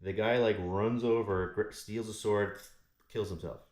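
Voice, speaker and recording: Male host, deep voice, swears constantly, rambles through a story with lots of asides. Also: steady tone, unhurried, darkish tone. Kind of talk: casual profane storytelling. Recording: echoey room.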